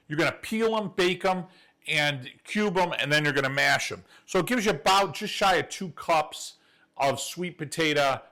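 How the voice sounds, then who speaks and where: A man's voice: on the high side, bright, forceful tone. Upbeat male cooking show host. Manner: enthusiastic, folksy, talks straight to viewers. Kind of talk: chatty cooking demonstration. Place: home kitchen.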